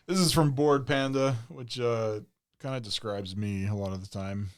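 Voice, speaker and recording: A man's voice: medium pitch, steady tone, measured pace, smooth. A man co-hosting a podcast, reading funny stories aloud and laughing often as he goes. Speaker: podcast co-host.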